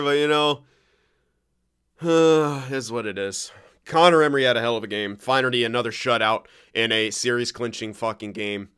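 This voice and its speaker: Young guy yelling and cursing at his hockey game, bright voice, super clean sound. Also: medium pitch, clear, resonant tone. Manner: excitable, swears often, swings between shouting and grumbling. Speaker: gaming commentator. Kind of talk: live game commentary.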